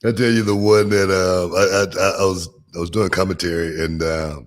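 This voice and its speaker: A man's voice: deep voice, level tone, a little fast. A man co-hosting a sports radio show, swapping stories and laughing often. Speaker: co-host, former wrestling commentator. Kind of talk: casual radio chat.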